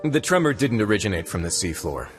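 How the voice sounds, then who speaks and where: A calm, formal prison warden in a video game,. He speaks in a very low, measured voice with polite restraint. Soft music runs underneath. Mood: composed. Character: calm, composed male prison warden, adult.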